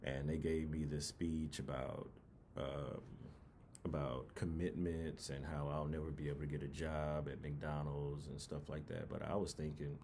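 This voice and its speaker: A man's voice: extremely low pitch, flat delivery, measured pace, warm tone, a little hiss or hum. A young man from New Orleans casually telling a personal story in a rambling, laid-back way with many fillers.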